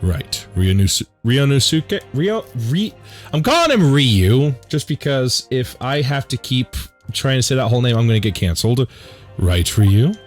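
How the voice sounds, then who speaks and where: A man hosting a casual let's play, rambling excitedly and joking between dialogue lines. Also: medium pitch, normal speed, faint music behind. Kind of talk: casual gaming commentary.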